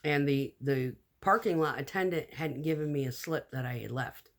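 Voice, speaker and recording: A woman telling a personal story in a casual storytime vlog, animated and blunt, acting out the lines of the people in it. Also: sits low, moderate pace. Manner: animated, acts out quoted dialogue.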